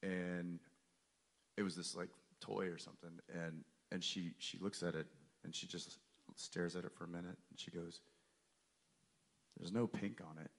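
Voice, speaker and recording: A man on a convention panel telling a funny family story to an audience, animated and jokey, breaking into loud mock-scolding. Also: low voice, moderate pace, creaky, slight background noise. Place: large convention hall with audience.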